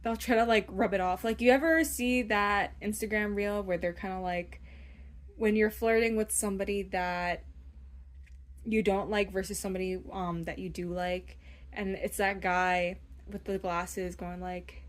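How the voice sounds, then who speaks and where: A young woman talks through a casual tarot reading in a chatty, meandering way. She keeps checking in with the listener and slips into little voiced snippets of what someone might be thinking. Her voice sits at an ordinary middle pitch. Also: steady tone, unhurried. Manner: chatty, rambling, often asks "okay?"; acts out imagined inner voices. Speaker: tarot reader.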